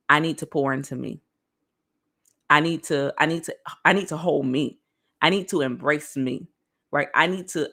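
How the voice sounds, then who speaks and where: A woman giving a casual motivational talk on self-love straight to her viewers, lively and preachy. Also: lowish voice, creaky. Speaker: motivational speaker.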